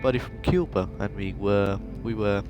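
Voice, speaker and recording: A man's voice: lowish voice, moderate pace, lightly acted. A man voicing a jovial, boastful American spy passenger who talks in a brash, jokey way. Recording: game music playing behind.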